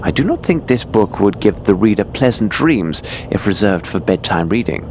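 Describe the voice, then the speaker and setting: An actor voicing a calm, observant male detective in a game, making dry, measured deductions. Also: fairly low pitch, background noise. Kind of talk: game character voice acting.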